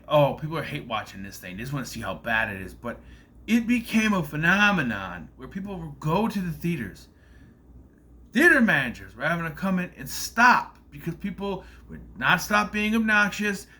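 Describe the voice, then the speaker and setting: A young man talking casually to camera, reviewing a movie in a rambling, animated way with frequent restarts. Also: a little high. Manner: rambling, animated, self-interrupting. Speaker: video reviewer.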